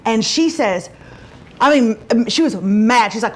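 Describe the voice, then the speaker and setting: Woman host, middle-aged, animated storyteller, higher voice. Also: measured pace. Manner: chatty storytelling, acts out quotes with big pitch jumps. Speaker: show host. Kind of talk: casual chat show.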